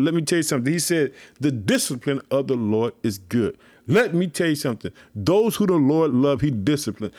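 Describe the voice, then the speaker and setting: A man's voice: medium pitch, expressive, fast talker, hardly any pauses, darkish tone, dry recording. A man giving an informal sermon on scripture, emphatic and repetitive, calling his listeners family. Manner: emphatic, repeats himself, calls listeners "family". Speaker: preacher teaching scripture.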